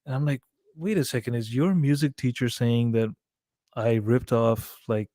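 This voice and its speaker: A man in a casual podcast chat, telling his story with lively quoted back-and-forth and plenty of swearing. His voice sits at an ordinary middle pitch. The sound is dry and close, with no room echo. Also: unhurried. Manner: animated storytelling, acting out quoted dialogue; frequent swearing. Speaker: guest musician.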